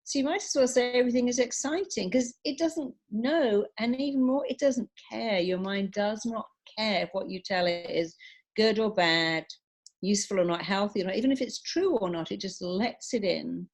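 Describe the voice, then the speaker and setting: A woman's voice: mid-range voice, normal speed. A middle-aged woman, a psychologist and hypnotherapist, speaking as a guest on a radio interview in an emphatic, persuasive way. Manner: emphatic, persuasive, lively storytelling.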